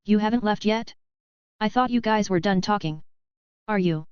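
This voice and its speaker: A woman's voice: mid-range voice, moderate pace, darkish tone, smooth, no room sound, close to an everyday voice. Woman reading a teasing, easygoing male professor. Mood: wry. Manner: easy and wry. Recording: dull, dry lo-fi audio.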